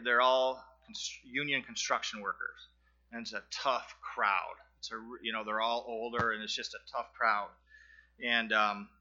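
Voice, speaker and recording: A middle-aged man nervously giving a personal testimony in front of his church congregation, halting and earnest, with many fillers and restarts. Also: mid-range voice, pushed and bright, lo-fi sound. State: nervous, sweating.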